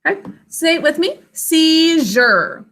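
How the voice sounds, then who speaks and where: A woman's voice: high-pitched, animated, measured pace, sharp tone. A woman teaching an online spelling lesson to children over a video call, patient and careful as she sounds out words.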